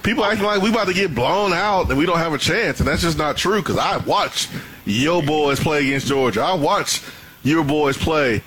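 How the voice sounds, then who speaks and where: A man's voice: a little high, expressive, normal speed, a bit bright, a little hiss or hum, rough recording. A man co-hosting a sports talk radio show, teasing and laughing often. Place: remote broadcast at a distillery.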